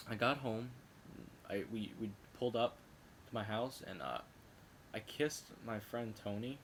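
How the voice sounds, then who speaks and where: A man's voice: fairly low pitch, creaky, slight background noise. A young man casually telling a rambling, profane personal story, often restarting and correcting himself. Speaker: vlogger.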